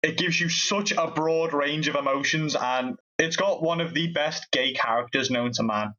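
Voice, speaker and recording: Guy on a podcast panel, blunt and crude, bright tone, dull muffled sound. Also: a little high, normal speed. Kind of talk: casual chat.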